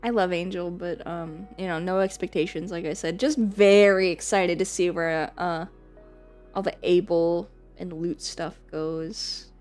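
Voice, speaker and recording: A woman's voice: fairly low pitch, steady tone, a little slow, a little mellow, faint music behind. A woman streamer chatting casually on a live stream, rambling, laughing often and swearing casually.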